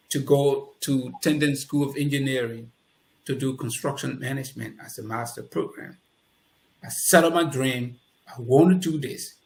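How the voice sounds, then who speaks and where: A man with a Liberian accent, a guest telling his life story in conversation and acting out the dialogue he recalls. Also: mid-range voice. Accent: Liberian English. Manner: animated, acts out quoted dialogue. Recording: roomy echoey room.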